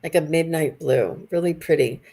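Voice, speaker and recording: A woman with a fairly low voice delivers a psychic reading at an unhurried, soothing pace. She hesitates often, filling pauses as she gathers impressions. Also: warm tone, breathy edge. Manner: slow, soothing, hesitant with fillers. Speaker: psychic medium guest. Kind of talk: intuitive reading on a live stream.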